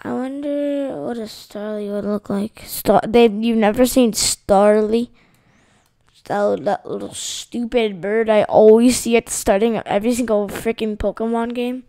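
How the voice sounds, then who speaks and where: A woman's voice: on the high side, steady tone, a little slow, warm tone, no room sound. A tired woman casually commenting on a game she is playing, rambling and sarcastic, sometimes reading the game's lines aloud. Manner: rambling, sarcastic, self-interrupting. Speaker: gameplay streamer.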